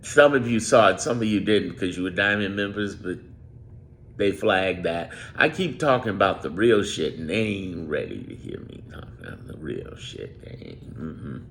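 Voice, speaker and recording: A man's voice: sits low, animated, moderate pace, a bit bright. A man giving off-script political commentary straight to his viewers, emphatic and repetitive, drawing out his words. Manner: emphatic, drawls, repeats phrases. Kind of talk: off-script direct-to-camera commentary.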